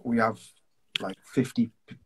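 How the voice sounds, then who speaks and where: A man with a middle-pitched voice talks over a video call as a guest in a casual interview. He is chatty and self-deprecating and often restarts his sentences. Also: steady tone, measured pace, a little mellow, husky. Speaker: singer-songwriter guest.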